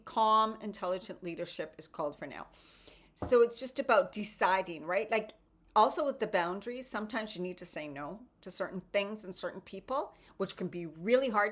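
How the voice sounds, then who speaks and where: A woman's voice: mid-range voice, a bit bright. A woman hosting a casual motivational morning talk and reading tarot cards, chatty and often adding "right?".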